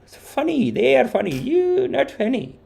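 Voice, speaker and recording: A man imitating his mother, an older immigrant woman who speaks excited, repetitive broken English. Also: very high-pitched, normal speed, creaky, pitched above the performer's own voice, exaggerated voice. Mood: matter-of-fact.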